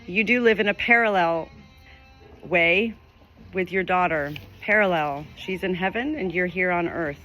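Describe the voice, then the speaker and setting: This middle-aged medium has a lowish voice that's a little slow, pushed, and bright, with faint music in the background. Addressing the camera from her farmhouse, she shares a spiritual message earnestly, wandering and circling back to the same phrases.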